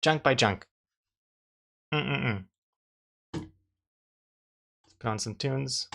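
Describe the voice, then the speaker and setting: A man's voice: mid-range voice, drawn-out words, vocal fry, fairly bright tone, a little hiss or hum. Rambling male artist chatting on stream. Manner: rambling, restarts often, dry jokes to chat. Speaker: comic artist streaming his drawing. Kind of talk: casual live-stream chat while drawing.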